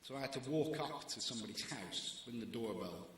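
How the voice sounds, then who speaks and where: A man's voice: medium pitch, lively intonation, brisk, fairly bright tone, a little hiss or hum. A man in his forties, a newspaper deputy editor, giving a wry, anecdotal talk to students. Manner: wry, anecdotal, lightly self-mocking. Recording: very echoey hall.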